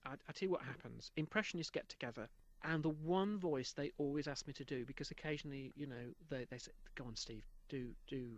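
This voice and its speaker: A middle-aged man, a guest voice artist in a radio studio, telling anecdotes in an animated way during an interview. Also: fairly high pitch, fast, few pauses, no echo.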